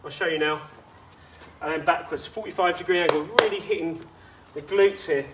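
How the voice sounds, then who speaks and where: A man's voice: fairly high pitch, normal speed, very noisy. A man coaching a workout outdoors, chatty and instructive with personal asides. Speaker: fitness coach.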